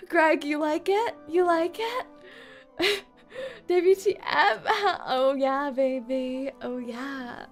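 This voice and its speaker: A woman's voice: extremely high pitch, animated, very slow, soft background music. A woman streaming a game, chatting in a giggly, playful, teasing way. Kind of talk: game livestream commentary.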